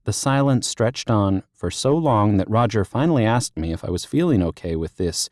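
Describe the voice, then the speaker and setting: A man's voice: fairly low pitch, expressive, darkish tone, dry recording, close to an everyday voice. A man reading an audiobook, voicing an anxious young female teacher who is flustered, self-deprecating and close to tears. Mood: frustrated. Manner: teary, self-deprecating, rushed. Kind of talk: audiobook character voice.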